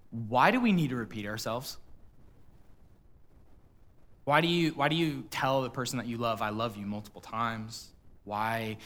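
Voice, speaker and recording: A male pastor preaching a sermon, retelling a story quietly and then speaking up to address the church. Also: medium pitch. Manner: storytelling, quiet and hushed at emotional quotes, rising when addressing the church. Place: church auditorium.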